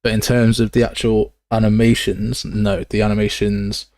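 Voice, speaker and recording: A man's voice: lowish voice, flat delivery, moderate pace, a little mellow, no echo. A young man streaming game development live, chatting casually with viewers and calling them mate and pal. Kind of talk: live coding stream chat.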